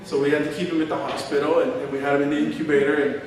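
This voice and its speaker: A middle-aged man preaching a sermon, his voice pitched a little high and heard from some distance in a big echoing church hall. He tells stories with a laugh, slipping into quoted voices. The room's long reverb trails every phrase. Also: flat delivery, very fast. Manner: storytelling, acting out quotes, chuckling. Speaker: pastor. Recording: echoey hall from far off.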